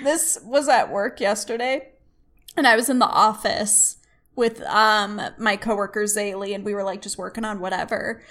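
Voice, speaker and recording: A woman's voice: medium pitch, fairly even intonation, moderate pace, fairly bright tone. A young woman co-hosting a casual podcast, telling a story while cry-laughing and giggling. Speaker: podcast co-host. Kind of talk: casual chat.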